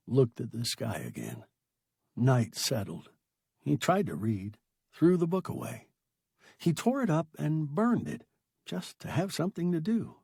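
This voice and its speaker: A man narrating a science fiction story in a dramatic, expressive audiobook reading. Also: medium pitch, gravelly, husky, dry recording, clean studio sound.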